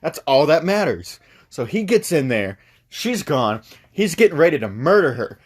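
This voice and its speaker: Man, podcast movie reviewer in a studio, rambling and self-mocking, lively up-and-down delivery. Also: fairly high pitch, normal speed, breathy edge.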